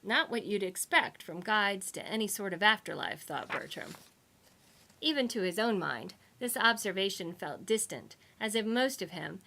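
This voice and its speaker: Bright-voiced woman narrating wryly. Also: medium pitch, vocal fry. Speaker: author reading her own book. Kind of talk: humorous audiobook narration.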